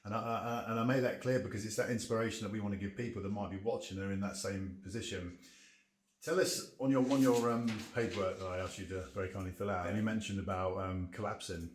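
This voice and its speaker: A man's voice: on the low side, fairly even intonation, fast, reverberant. A man hosting a casual podcast interview, chatty, joking and informal. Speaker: podcast host.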